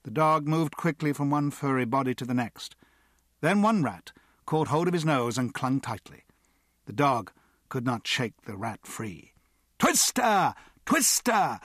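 Husky guy reading a story out loud, lots of ups and downs in his voice, dry close sound. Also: medium pitch, measured pace, no echo. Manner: expressive, dramatic storytelling. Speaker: narrator. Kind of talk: audiobook narration.

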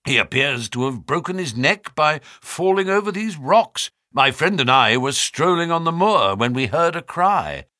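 A man voicing a calm, sharp-witted male detective with a measured, crisp delivery in an audiobook reading. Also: on the high side, no echo, clean studio sound, pitched above the performer's own voice.

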